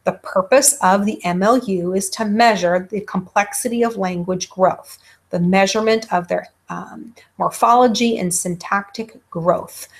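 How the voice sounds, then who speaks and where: A woman's voice: mid-range voice, fairly even intonation, measured pace. A woman giving a recorded lecture, with many ums, who stops to act out baby sounds herself.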